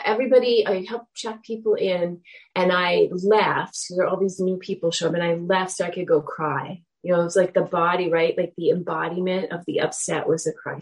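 A woman giving a dharma talk, telling a personal story in a reflective, animated way. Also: fairly low pitch, poor audio.

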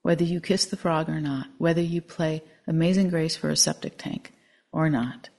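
A woman meditation teacher giving a dharma talk, gentle and reflective with frequent pauses. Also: low voice, fairly even intonation, vocal fry.

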